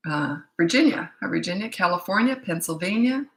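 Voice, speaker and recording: A woman's voice: fairly low pitch, lively intonation, fairly quick, reverberant, rough recording. A woman, a parenting coach, chatting through a casual live-stream Q&A with lots of ums; she sounds tired. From Canada. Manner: chatty, rambling, many ums.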